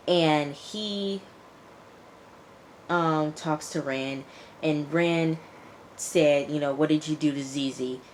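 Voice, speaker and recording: A woman casually recapping a TV episode, chatty and animated, acting out the characters' lines as she tells it. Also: deep voice, slight background noise. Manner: chatty, animated retelling with quoted dialogue. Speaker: TV show reviewer.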